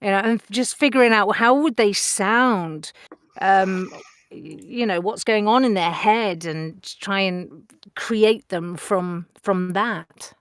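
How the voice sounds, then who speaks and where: A woman, a voice actor chatting in an interview, filling pauses with ums and laughing easily. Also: medium pitch, smooth, no echo, clean studio sound. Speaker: voice actor guest. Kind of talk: interview conversation.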